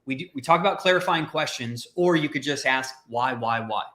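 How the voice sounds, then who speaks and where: A man with a bright, forceful, fairly high voice coaches listeners on a career podcast. He drives his points home with rhetorical questions, and the room around him sounds echoey. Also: fairly quick. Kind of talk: energetic coaching talk.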